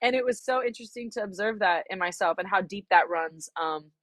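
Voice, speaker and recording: A woman's voice: medium pitch, fairly quick, dry recording. A young adult woman, a singer-songwriter, answering interview questions frankly and reflectively, with many fillers and some swearing.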